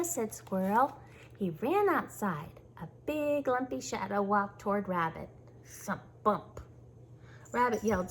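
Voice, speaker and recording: A woman reads a children's storybook aloud, slow and gentle, her voice rising and falling expressively. She sits a little higher than most, and a faint hum sits behind her. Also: big pitch swings. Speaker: storyteller reading a children's book. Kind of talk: children's book read-aloud.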